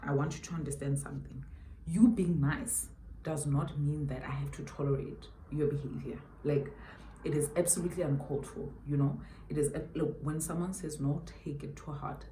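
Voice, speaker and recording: A South African woman with a low, mellow voice tells a story to the camera while doing her makeup. She talks in an emphatic, chatty way and repeats key lines for weight. The recording has the echo of a bare room at home. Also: steady tone, normal speed, a little hiss or hum. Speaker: beauty YouTuber.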